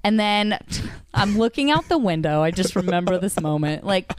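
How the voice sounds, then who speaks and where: Smooth-voiced young woman telling a story. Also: normal speed, no room sound. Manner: animated, acts out quoted voices with big pitch jumps. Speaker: guest. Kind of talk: casual podcast storytelling.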